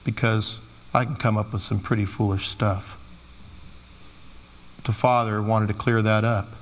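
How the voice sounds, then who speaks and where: A man's voice: on the low side, level tone, a little slow, a little hiss or hum. A man preaching a sermon in a loose, conversational way, slipping into playful quoted asides. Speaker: pastor. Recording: long hall reverb.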